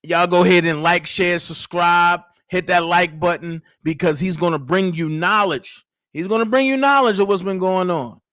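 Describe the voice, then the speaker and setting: A man hosting a casual livestream, calling out loudly to his viewers in slangy, hyped talk. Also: sits high, moderate pace, few pauses, no echo. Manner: loud, hyped, slangy call-outs to viewers. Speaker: livestream host.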